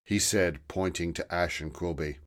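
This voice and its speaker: A man narrating a children's fantasy story in a slow, deliberate storytelling manner. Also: sits low.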